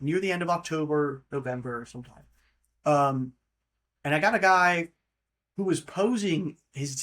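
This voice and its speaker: A young man from Florida talks alone on his podcast, his voice sitting a bit high for a man. He rambles, jokes and drifts off topic, filling the gaps with ums and restarts. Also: fairly bright tone. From Florida, USA. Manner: casual, rambling, joking, with frequent fillers and off-topic tangents. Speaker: podcast host. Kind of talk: rambling solo podcast monologue.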